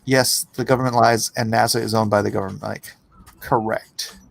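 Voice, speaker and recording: A man's voice: on the low side, steady tone, moderate pace, vocal fry, dry recording. A man hosting a casual livestream, reading chat comments aloud and answering them with rambling, sarcastic talk and frequent laughter. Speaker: livestream host and artist.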